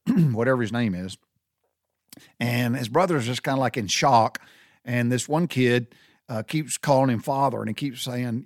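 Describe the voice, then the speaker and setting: Rambling older podcast host. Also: male voice, medium pitch, no room sound, clean studio sound. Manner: rambling and profane, with folksy asides. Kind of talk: casual solo podcast monologue.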